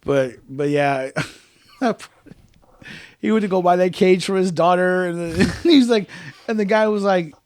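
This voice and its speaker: A man co-hosting a casual podcast chat, laid-back and full of "man" and "dude", who acts out other people's lines in loud, high voices. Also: a little slow, long pauses, no echo. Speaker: podcast co-host.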